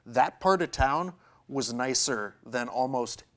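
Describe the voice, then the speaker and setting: A man's voice: mid-range voice, animated, slow, fairly bright tone. A man co-hosting a podcast, chatting casually and joking, rambling with mock quotes. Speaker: podcast co-host. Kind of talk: casual comedic chat.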